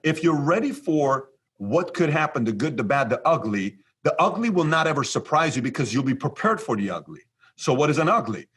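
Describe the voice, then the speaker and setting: Husky-voiced man from Iran. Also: a little high, brisk. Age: 40s. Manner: animated, repetitive storyteller. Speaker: guest. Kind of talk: storytelling interview talk.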